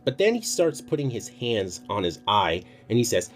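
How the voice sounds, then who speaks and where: A man's voice: medium pitch, big pitch swings, moderate pace. A man telling a personal story in a casual, chatty way, swearing freely. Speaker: storytime youtuber. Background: faint music.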